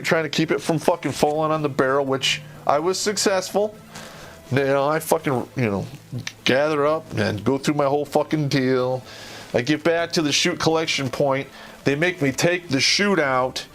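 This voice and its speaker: A man's voice: fairly high pitch, a bit bright. A man hosting his own show, telling a story from his days as an Army Ranger in a blunt, profane, rambling way with plenty of fillers. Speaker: host, former Army Ranger. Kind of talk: casual storytelling.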